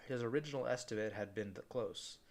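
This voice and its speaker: A man's voice: medium pitch, brisk. A man reading a novel aloud in a casual way, often stumbling and restarting words.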